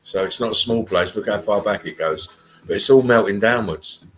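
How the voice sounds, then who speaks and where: Low-voiced blunt English man rambling. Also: moderate pace, a bit bright, soft background music, rough recording. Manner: casual, swearing, blunt. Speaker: livestream host. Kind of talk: rambling live commentary.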